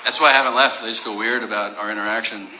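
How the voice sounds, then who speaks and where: A man's voice: on the low side, fairly even intonation, very fast, echoey room, heavy background noise. A man live-streaming, chatting with strangers in a teasing, profane way and laughing often.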